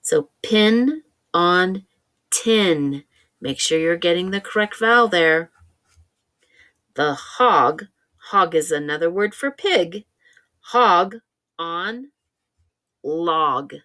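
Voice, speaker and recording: Female reading teacher, lowish voice, very slow, sounds out short vowels for young kids, patient and encouraging. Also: expressive, pushed and bright. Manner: patient, encouraging, talking straight to a young child. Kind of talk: children's phonics lesson.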